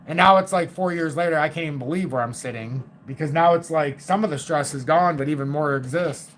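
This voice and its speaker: A man in his forties hosting a casual crypto live stream, talking through charts in an excitable, emphatic way with fillers and the odd swear word. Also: a little high, a little fast, a little hiss or hum. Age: 40s.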